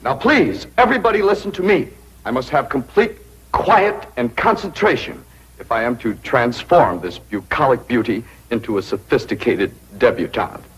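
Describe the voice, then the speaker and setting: A man's voice: medium pitch, lively intonation, normal speed, fairly bright tone, close to an everyday voice, poor audio. An actor playing a pompous, theatrical young society man in an old sitcom. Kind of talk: 1960s sitcom acting. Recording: hissy old TV soundtrack.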